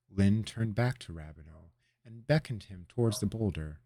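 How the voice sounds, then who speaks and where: Low-voiced man reading a fantasy story. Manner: measured, expressive storytelling. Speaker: narrator.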